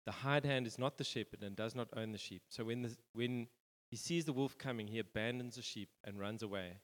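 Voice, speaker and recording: Pastor preaching in a reverberant hall. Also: male voice, medium pitch, a little fast. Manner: rambling, informal, many fillers and restarts. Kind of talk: conversational sermon. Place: church hall.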